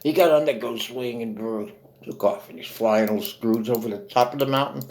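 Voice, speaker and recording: A man telling a holiday story in hip jive slang, lively and dramatic. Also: mid-range voice, normal speed, low-quality recording.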